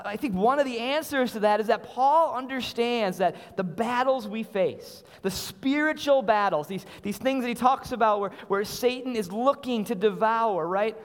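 A man preaching a sermon in earnest, repeating phrases and asking rhetorical questions. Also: sits high. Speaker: pastor. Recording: long hall reverb.

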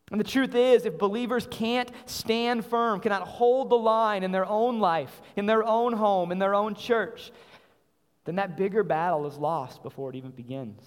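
A man preaching a sermon in earnest, repeating phrases and asking rhetorical questions. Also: high voice. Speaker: pastor. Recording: long hall reverb.

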